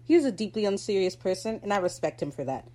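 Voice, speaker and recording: A woman hosting a podcast, recapping a TV episode in casual chat, animated and slangy, often laughing mid-sentence. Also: medium pitch, fast. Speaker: podcast host.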